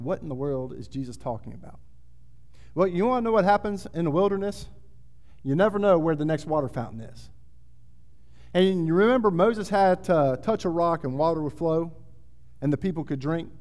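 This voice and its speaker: A man's voice: fairly high pitch, darkish tone. A man preaching a sermon, reading scripture aloud and building in intensity. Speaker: pastor. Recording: long hall reverb.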